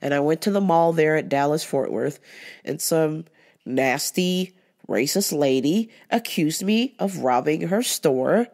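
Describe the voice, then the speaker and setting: A woman's voice: lowish voice, a little mellow. A woman hosts a podcast and tells stories casually. She is blunt and candid, and she swears freely as she talks. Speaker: podcast host. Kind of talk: casual storytelling.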